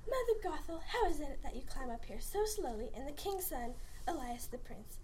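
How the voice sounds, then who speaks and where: A woman voicing a flippant young maiden in a comic fairy tale, with deadpan asides. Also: sits high, moderate pace, slight background noise. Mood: cheeky. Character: cheeky young maiden, Rapunzel.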